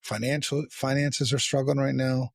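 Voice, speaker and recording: Male podcast host with a rough, husky voice, candid and profane. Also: mid-range voice, level tone, no echo, clean studio sound. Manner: blunt, frequent swearing, halting restarts. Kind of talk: candid casual conversation.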